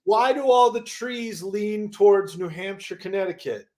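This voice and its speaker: A nervous young shop clerk fumbles through his words, hesitating and stalling, as a man acts him out. His voice sits high and a bit quick, in an improvised comedy scene. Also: mellow, lightly acted. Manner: fumbling, hesitant, many ums.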